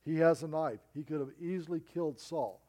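Male pastor, middle-aged, sermon storyteller; relaxed, dark tone. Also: a little high, a little fast. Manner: storytelling preacher with emphatic rises and drops.

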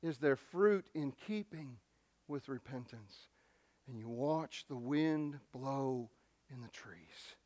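A pastor preaching a sermon, swinging from hushed, near-whispered lines to loud, emphatic ones. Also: male voice, mid-range voice.

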